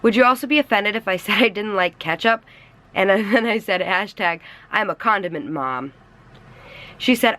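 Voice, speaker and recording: Bright-voiced young woman, sarcastic storyteller. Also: medium pitch, moderate pace. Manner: animated, exasperated, sarcastic retelling of an online argument. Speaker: vlogger. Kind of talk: casual storytelling to camera.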